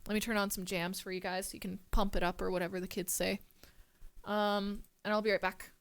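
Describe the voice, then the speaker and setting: A woman's voice: medium pitch, level tone, fairly quick, clean tone. A young woman streaming a game, chatting playfully with her viewers and joking at the screen. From not American. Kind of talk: casual live-stream chat while gaming. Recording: music playing behind. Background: background music.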